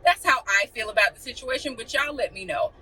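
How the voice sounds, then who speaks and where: Bright-voiced, blunt young woman vlogger. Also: on the high side, a little fast, distant mic, a little hiss or hum, rough recording. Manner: blunt, animated, acts out quotes. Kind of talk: casual chat to camera.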